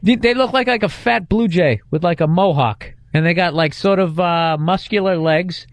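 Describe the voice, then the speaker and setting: A man's voice: sits high, normal speed, dry recording. A man co-hosting a radio show in casual comedic chat, ranting bluntly and swearing freely into a studio microphone.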